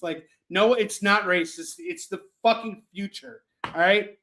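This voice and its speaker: A man leads a live shopping stream, chatting informally with viewers by name and making sales pitches punctuated by self-mocking humor. He keeps a moderate pace with a sharp tone.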